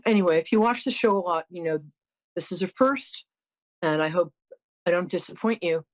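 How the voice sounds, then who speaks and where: On her psychic call-in show, a middle-aged woman chats with callers and shares anecdotes, warm-hearted yet blunt, apologizing and storytelling with frankness. She speaks at a normal speed in a fairly low voice, and the recording has its highs cut off.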